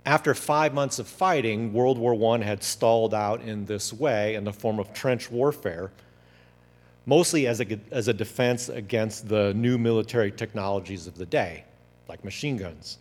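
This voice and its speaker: A man telling a story as a talk, animated and acting out the quotes. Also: on the low side, normal speed. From United States. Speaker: speaker. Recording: long hall reverb.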